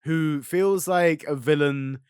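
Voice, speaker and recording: A young man co-hosting a podcast in casual chat, laughing often and dropping into low mumbles to act out quotes. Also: takes it slowly, smooth, dry recording, studio quality. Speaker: podcast co-host.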